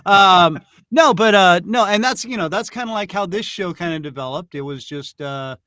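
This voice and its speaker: A man's voice: high voice, animated, moderate pace, pushed and bright, no room sound, studio quality. A man hosting a podcast, chatting casually and playfully, joking and laughing easily. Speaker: podcast host.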